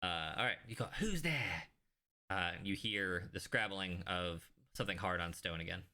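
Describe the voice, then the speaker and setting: A man narrating a tabletop game as dungeon master, relaxed and halting, with many fillers. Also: low voice, clean tone.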